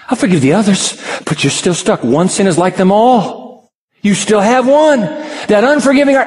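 A man's voice: sits high, moderate pace, darkish tone, in a large hall. A man preaching a sermon, acting out dialogue with dramatic shifts in his voice. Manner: dramatic, acts out voices of God and Peter. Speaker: pastor.

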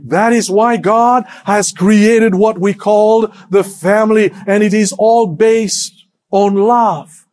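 A male pastor with a high, light voice delivers a sermon at a slow, deliberate pace. He keeps pulling the congregation in with questions. His voice sinks to near-whispers and then climbs for emphasis. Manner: preaches with call-and-response questions to the congregation; swings between hushed low lines and raised emphatic ones.

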